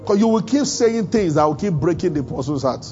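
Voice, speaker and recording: A man's voice: a little high, animated, brisk, mellow, dull audio, faint music behind. A man from Africa, a pastor preaching a sermon at a church service, chuckling often and acting out bits of dialogue. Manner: humorous, chuckling often, acts out quoted dialogue.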